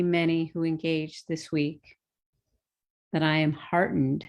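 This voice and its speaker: A woman co-hosting, speaking in a slow, affirming way. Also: deep voice, darkish tone. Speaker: co-host.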